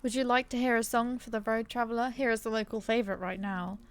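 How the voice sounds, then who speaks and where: A woman's voice: on the high side, fairly even intonation, fast talker, natural voice. A woman reading the lines of a gloomy male minstrel in a fantasy game, in a mournful half-sung recitation.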